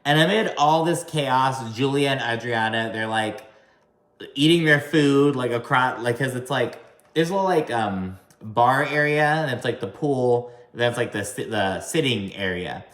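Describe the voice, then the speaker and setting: A chatty man recapping reality TV, swearing freely and filling his talk with "like". His voice sits at an ordinary middle pitch. The room around him is roomy and echoey. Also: a little slow, a bit bright. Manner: chatty, profane, heavy use of "like". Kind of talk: casual recap commentary.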